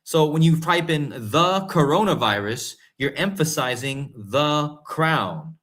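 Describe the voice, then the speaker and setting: Excitable man with a raised voice. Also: on the high side, takes it slowly. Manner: excitable, rising to incredulous emphasis; talks to viewers directly, often calling them guys and folks. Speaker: host. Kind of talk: casual conspiracy commentary to camera.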